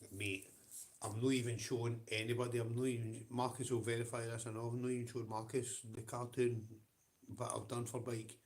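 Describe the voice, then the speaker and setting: A man's voice: medium pitch, little pitch movement, a little fast, darkish tone. A man with a Scottish accent hosting a livestream and chatting casually with viewers. He swears constantly, rambles and often breaks into laughter. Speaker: livestream host.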